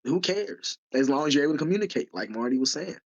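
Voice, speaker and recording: A man's voice: mid-range voice, animated, very fast, gravelly, dull audio. A man co-hosting a podcast in casual chat, eager and often stumbling over his restarts. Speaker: podcast co-host.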